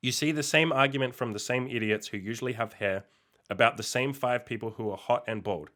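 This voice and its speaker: A man's voice: mid-range voice, a little fast, fairly bright tone. Exasperated, sweary young man ranting. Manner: exasperated, sweary, incredulous outbursts. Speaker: podcast host reacting to a post. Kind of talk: casual monologue.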